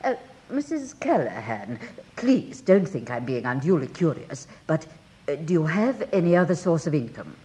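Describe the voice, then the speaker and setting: A genteel, well-off country lady, in a radio play. Her voice sits low but moves expressively. She speaks politely, hedging with small hesitations. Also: very animated, normal speed, dark tone. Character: refined well-off Cheshire lady employer. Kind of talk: radio drama acting.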